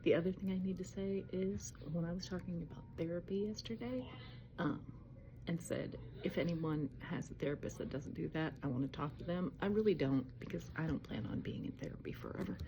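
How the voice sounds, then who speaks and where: A woman in her thirties vlogs casually into her phone, scattered and constantly interrupting herself. Her voice is on the low side and fairly quick, and the lo-fi phone audio is dull, with road noise.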